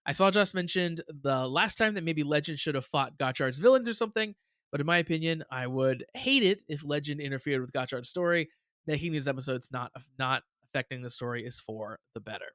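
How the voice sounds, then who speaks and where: Casting: male podcast co-host, slightly high, chatty, dry close sound. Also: lively intonation, brisk, a bit bright, dry recording. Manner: chatty, laughs often, repeats words. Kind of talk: casual review chat.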